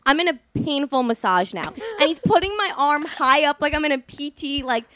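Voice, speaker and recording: Fast-talking woman podcast host. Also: sits high, lively intonation, fairly bright tone, a little hiss or hum. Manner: rambling, heavy use of "like", laughs through her stories. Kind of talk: casual chat, storytelling.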